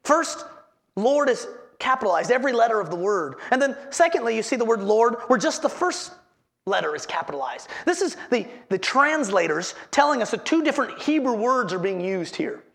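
A man's voice: very high voice, very animated, normal speed, gravelly, a bit bright. A man preaching a sermon as pastor, earnestly repeating his headings and asking the congregation questions.

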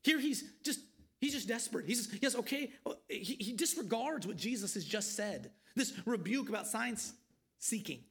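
A man's voice: high voice, animated, moderate pace, a bit bright, breathy edge. A man preaching an expository sermon, earnest and pleading, asking his listeners questions.

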